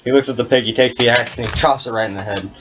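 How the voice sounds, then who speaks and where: A man's voice: mid-range voice, quick pace. A man narrating as game master of a tabletop game in a casual, swearing way. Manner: casual, swearing, laughs at his own story. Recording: dull lo-fi sound with noise.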